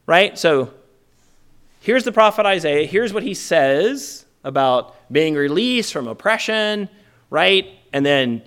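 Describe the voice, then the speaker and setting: A man's voice: on the high side, takes it slowly, clean tone. A man preaching a conversational sermon, often asking "right?" and acting out the crowd's lines. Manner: acts out the crowd's lines in a lively put-on voice.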